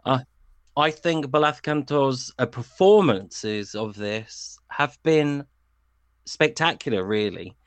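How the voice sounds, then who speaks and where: A man's voice: medium pitch, animated, slow, dry recording. A man chatting casually as a song review panelist, rambling and digressing with lots of fillers.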